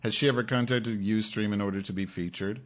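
A man's voice: on the low side, fairly even intonation, brisk. A man hosting his own live-stream show, in an angry, profane rant aimed straight at his audience.

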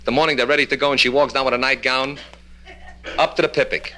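A man's voice: medium pitch, fairly even intonation, fast talker, pushed and bright. A male stand-up comedian, telling a string of jokes in a folksy style. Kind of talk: joke-telling routine.

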